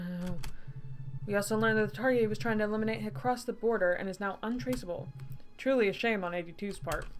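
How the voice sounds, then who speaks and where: A woman's voice: medium pitch, natural voice. A woman voicing a stern male military captain who scolds coldly in clipped, commanding lines.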